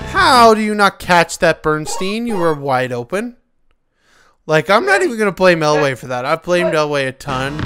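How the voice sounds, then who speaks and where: A young man giving casual, excitable commentary while playing a video game, often exasperated and shouting at the players. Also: medium pitch. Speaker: let's play gamer. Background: video game music.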